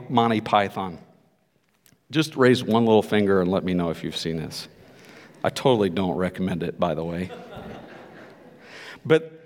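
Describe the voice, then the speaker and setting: A man's voice: mid-range voice, in a large hall. A man pastor preaching a sermon in a conversational, reflective way. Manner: conversational, reflective, with frequent restarts.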